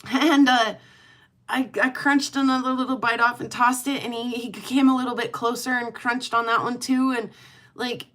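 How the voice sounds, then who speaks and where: A woman's voice: a little high, steady tone, moderate pace, fairly bright tone. A middle-aged woman hosting a casual livestream chat, rambling and laughing often as she talks. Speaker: livestream host.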